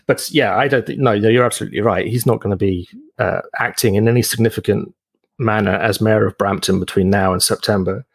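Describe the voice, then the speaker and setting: A man co-hosting a podcast, talking politics in a measured way with a gravelly voice and frequent hedges. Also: lowish voice, fairly even intonation, dry recording. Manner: measured, hedging with "I mean". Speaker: podcast co-host. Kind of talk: casual political chat.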